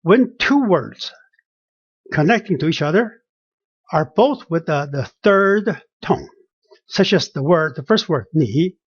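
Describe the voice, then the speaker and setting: Slow, halting man teaching tones. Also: on the high side, slightly rough, dry recording. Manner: slow and halting, many fillers, repeats words to model pronunciation. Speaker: Chinese language teacher. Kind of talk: explaining a language lesson. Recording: dull lo-fi dry recording.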